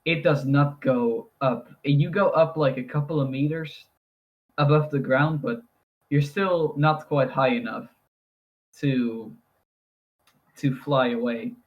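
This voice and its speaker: A man's voice: medium pitch, slow, long pauses, phone-quality sound. A man narrating a tabletop role-playing game as game master, improvising scenes with loose, rambling description.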